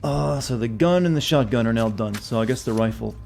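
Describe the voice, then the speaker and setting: A man's voice: mid-range voice, brisk, vocal fry, a little mellow, a little hiss or hum. Rambling joking male game streamer. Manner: rambling, joking, self-deprecating. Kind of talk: casual gameplay commentary.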